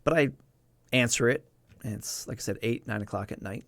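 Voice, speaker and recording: A man's voice: mid-range voice, fairly quick, gravelly, a bit bright, no echo. Earnest man telling a personal story. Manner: earnest, emphatic, repeats words for emphasis. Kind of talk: personal storytelling on a live stream.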